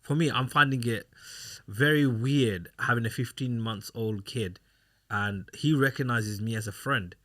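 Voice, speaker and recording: A man's voice: medium pitch, a little slow, fairly bright tone. A young man co-hosting a casual podcast chat, rambling through anecdotes and acting out what others said. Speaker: podcast co-host.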